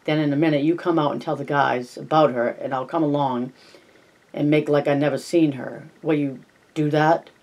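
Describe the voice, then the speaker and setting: Hard tired ranch guy, grim, rough drawl, a man reading it out. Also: a little high, steady tone, normal speed, a little mellow, natural voice. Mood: urgent. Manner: plain reading voice with rough dialect.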